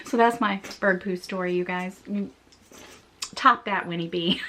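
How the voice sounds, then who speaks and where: A woman's voice: fairly low pitch, unhurried, sharp tone, a little hiss or hum. A woman chatting casually as she reviews her backpacks for her channel, friendly and full of fillers. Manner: chatty, confiding, lots of fillers. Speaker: fashion vlogger.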